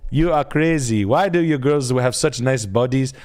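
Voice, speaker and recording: A man voicing an exasperated male Nigerian schoolteacher with a Nigerian accent, drawing out slow exclamations. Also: mid-range voice, darkish tone, a little hiss or hum, lightly acted.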